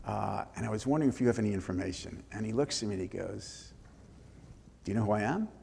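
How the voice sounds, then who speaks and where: An older man, an author, telling lively anecdotes with restarts in a live interview before an audience. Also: fairly low pitch, fast, creaky, slight background noise. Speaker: author and former congressman. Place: synagogue hall before an audience. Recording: long reverb of a hall.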